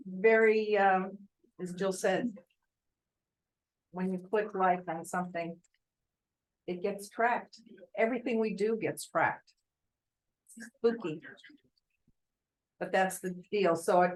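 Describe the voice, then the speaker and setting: A woman's voice: mid-range voice, low-quality recording. Older woman telling a chatty story. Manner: chatty storyteller, asks the audience questions. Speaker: real estate agent addressing colleagues. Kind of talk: informal talk to a group.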